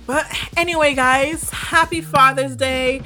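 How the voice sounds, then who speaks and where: A woman in her twenties co-hosting a podcast, chatting casually and bluntly, quick to agree and crack jokes. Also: sits high, steady tone, over music. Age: 20s. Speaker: podcast co-host. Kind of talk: casual chat.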